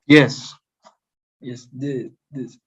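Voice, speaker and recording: Hesitant man learning English, slow. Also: medium pitch, little pitch movement, husky, muffled recording. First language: Spanish. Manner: hesitant, thinking aloud. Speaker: student.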